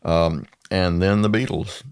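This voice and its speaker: Deep-voiced older man telling stories. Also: steady tone, unhurried, clean tone. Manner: rambling, with many restarts and asides. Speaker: podcast guest. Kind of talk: conversational storytelling. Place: radio studio.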